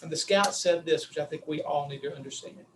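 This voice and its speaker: Man, high voice, animated storytelling, motivational talk, far from mic, faint background noise. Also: a little fast. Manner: animated storyteller, swings between loud and quiet. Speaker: speaker.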